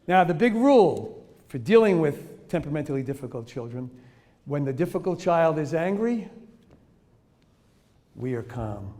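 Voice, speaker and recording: A man presenting a training talk on children's behavior, his voice sitting a little higher than most men's. He talks in a lively, engaged way and shifts his tone as he explains each point. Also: moderate pace, pauses often. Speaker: parenting and teaching workshop speaker.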